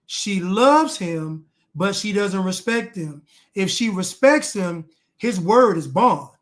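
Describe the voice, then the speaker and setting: A man's voice: sits high, animated, takes it slowly. A man reacting to clips with blunt, emphatic commentary, repeating lines for emphasis.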